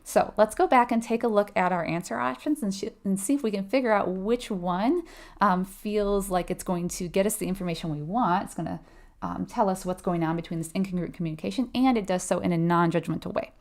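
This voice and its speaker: A woman with a slightly mellow, medium-pitched voice talks a little fast as she leads a live nursing exam review. She's conversational, explains things step by step, quizzes her viewers, and laughs lightly while acting out client replies.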